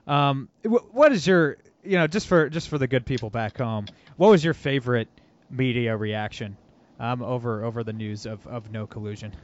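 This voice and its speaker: A man's voice: mid-range voice, normal speed, no room sound. A man hosting a political podcast, talking casually and animatedly, mocking and laughing often. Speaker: podcast host. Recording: dull lo-fi audio.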